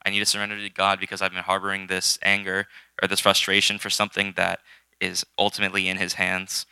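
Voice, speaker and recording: A young man tells a personal faith story in an earnest, rambling way, stopping and restarting his sentences. His lowish voice has a gravelly fry, yet it sounds bright and forward. It is smooth and clear. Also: completely flat delivery, fast, no room sound. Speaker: youth group member.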